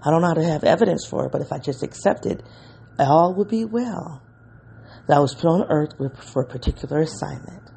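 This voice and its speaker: A podcast host giving a reflective solo monologue, emotional and halting, often stopping to search for words and correct themselves. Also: medium pitch, animated, vocal fry, mellow, a little hiss or hum.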